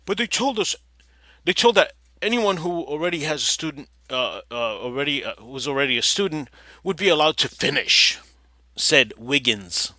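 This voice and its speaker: A man's voice: a little high, very animated, normal speed, dry recording. A man hosting a talk show, reading an article aloud and breaking off into sarcastic, digressive commentary. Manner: sarcastic, digressive, bursts into loud mock voices. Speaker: podcast host.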